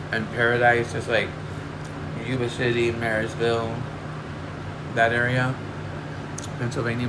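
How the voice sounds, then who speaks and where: A man from Northern California chatting casually with livestream viewers, confiding and emotional, rambling with lots of fillers. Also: mid-range voice. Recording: air conditioner hum behind.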